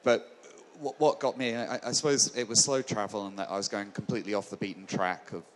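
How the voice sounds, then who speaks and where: A man being interviewed about slow travel, recalling it loosely with frequent restarts. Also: lowish voice, steady tone. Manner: loose, restarting, self-deprecating. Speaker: traveller and author, interview guest. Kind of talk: casual storytelling interview.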